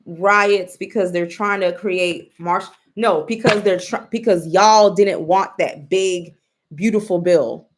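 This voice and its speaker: A woman's voice: lowish voice, takes it slowly, slight background noise. A woman giving casual commentary, blunt and profane, often rambling and restarting her sentences.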